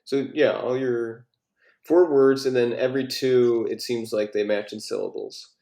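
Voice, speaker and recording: A man leading a poetry workshop in a casual way, asking questions and reading lines of verse quietly. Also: mid-range voice, fairly even intonation, unhurried, vocal fry. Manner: inquisitive, reads verse softly. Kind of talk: casual critique and reading aloud. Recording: echoey room.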